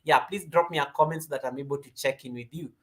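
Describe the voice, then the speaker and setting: A woman from Kenya with a Kenyan accent, hosting a casual yoga livestream and chatting through viewer comments. She rambles and greets viewers by name, and her voice often jumps up in pitch and loudness. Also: fast talker.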